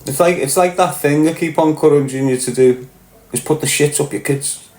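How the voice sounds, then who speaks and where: Fairly quick and somewhat high, with a darkish tone, a Liverpool-accented man rants casually on his livestream. He swears and speaks bluntly while reading out chat, and the room echoes noticeably.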